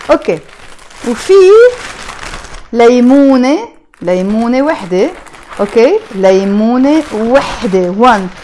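A young woman with a Lebanese accent, teaching Arabic vocabulary and patiently repeating each phrase slowly and then quickly. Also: on the high side, darkish tone. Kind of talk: explaining Lebanese Arabic words from a shopping bag.

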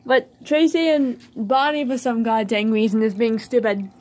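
A woman chatting casually in a vlog about her pet fish, excitable and playfully scolding them as she talks. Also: fairly high pitch, normal speed.

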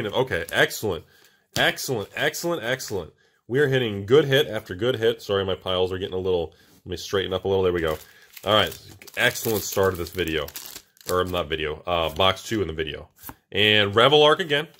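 A man hosting a casual card-unboxing video, talking to viewers as he opens packs, excitable and repeating himself. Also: deep voice, brisk. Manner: excitable, repeats words, often addresses viewers as everybody. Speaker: channel host opening card packs.

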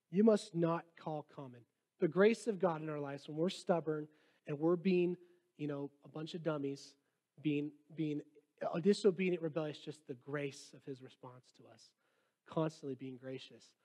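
Young male youth pastor, high-pitched, relaxed jokey sermon delivery with scripture reading. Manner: casual, jokey preaching with reading aloud.

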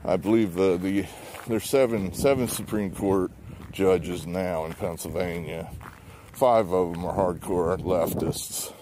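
A man's voice: sits low, a little slow, noisy background. A man giving rambling, blunt political commentary with swearing and many fillers while walking outdoors, slightly out of breath, recorded on a handheld phone. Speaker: political vlogger. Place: outdoors on a neighborhood walk.

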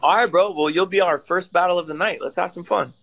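A man from Florida chatting on a livestream, excitable and slangy, calling the other man "bro" and "dude". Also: high-pitched, quick pace, gravelly, a little hiss or hum, rough recording. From Florida, USA. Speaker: livestream guest. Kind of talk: casual livestream chat.

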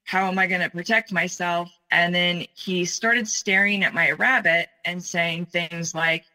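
A woman in her forties, a guest telling her own story in conversation, speaking in a halting, earnest way with many fillers. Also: fairly low pitch, fairly even intonation, pushed and bright, rough recording. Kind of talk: personal account in conversation.

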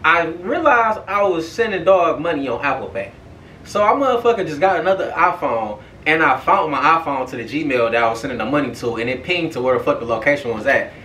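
Young guy podcast host, cussing and hyped storytelling, brightish voice, sounds far off in a roomy space. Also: fairly high pitch, a little fast, a little hiss or hum. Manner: animated, profane, repeats "right?". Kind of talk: casual storytelling. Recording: echoey room, far from the mic.

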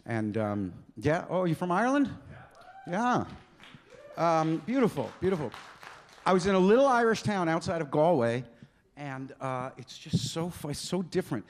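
A man's voice: a little high, sing-song, moderate pace. A man doing stand-up on a comedy club stage, talking loosely and crudely with the crowd.

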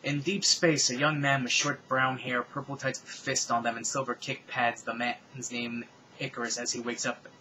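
A man's voice: mid-range voice, flat delivery, normal speed, pushed and bright, a little hiss or hum, poor audio. A man reading bad fan fiction aloud with sarcastic, exasperated asides.

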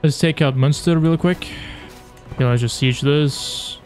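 A young man casually commentating his strategy game, animated and taunting, swearing as he plays. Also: on the high side, measured pace, soft background music. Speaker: gaming YouTuber.

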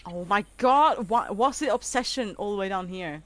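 On a game stream, a chatty woman in her 20s talks to viewers at a moderate pace in a medium-pitched voice. She laughs easily, picking out chat messages to read aloud and reply to.

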